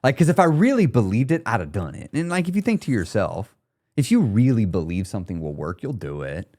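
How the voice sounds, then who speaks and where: This weight loss podcaster has a lowish voice and a brisk pace. Alone on the mic, he gives animated, straight-talking coaching to his listeners in a casual, slang-heavy, no-nonsense style.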